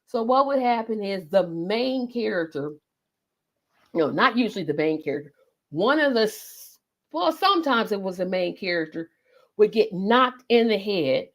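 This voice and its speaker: A talkative woman with a light lilt rambles through a casual solo chat. She often stops to correct herself and fills gaps with drawn-out ums. Her voice sits at an ordinary middle pitch. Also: a bit bright. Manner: chatty, meandering, lots of ums and self-corrections. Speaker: host. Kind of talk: casual nostalgic monologue.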